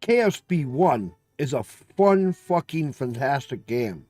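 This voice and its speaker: A man's voice: mid-range voice, sing-song, slow pace, a little mellow, no echo. A man chatting casually on a live stream, emphatic and profane, ranting with exasperation.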